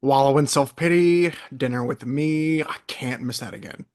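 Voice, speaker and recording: A young man in casual podcast chat, an animated storyteller who wanders into tangents. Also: medium pitch, moderate pace. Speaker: podcast co-host.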